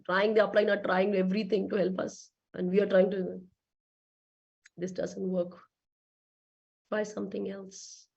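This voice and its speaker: A woman giving a lively motivational talk to a business team, asking rhetorical questions. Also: medium pitch, a little slow, gravelly, long pauses, dull audio. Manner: lively, acts out quoted voices, rhetorical questions. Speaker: motivational speaker.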